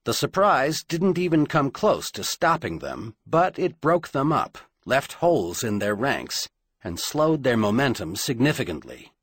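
Male audiobook narrator, husky voice, dry booth sound, dramatic measured read. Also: mid-range voice, sing-song, a bit bright, no room sound.

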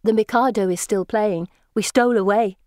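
A woman's voice: medium pitch, normal speed, darkish tone, dry recording, studio quality, close to an everyday voice. A woman reading an audiobook and voicing an eager, breathless teenage girl. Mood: excited. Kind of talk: audiobook character voice.

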